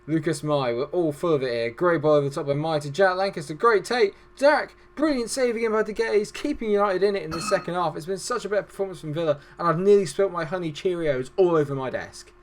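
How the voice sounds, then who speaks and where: A man commentating on a football management game at his desk, excitable and joking at his own expense. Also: fairly high pitch, fast, hardly any pauses, slight background noise. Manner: excitable, joking, self-deprecating. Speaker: gaming YouTuber. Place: at home desk.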